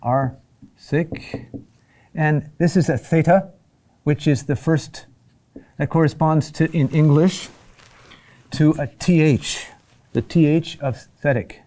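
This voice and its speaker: A man teaching a lesson at a board, speaking in halting phrases with many pauses and restarts, and often checking in with a questioning "huh?". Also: fairly high pitch, mellow. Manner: halting and repetitive, with frequent "huh?" check-ins; patient, explanatory pacing with many pauses and restarts. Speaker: chant teacher. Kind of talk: classroom lecture at a board.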